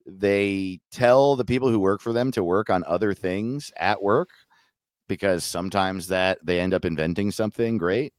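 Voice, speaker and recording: A man's voice: low-pitched, moderate pace, no echo, studio quality. A man in casual comedic podcast chat, joking and slipping into silly voices. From Chicago area. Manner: joking, does silly put-on voices, laughs often.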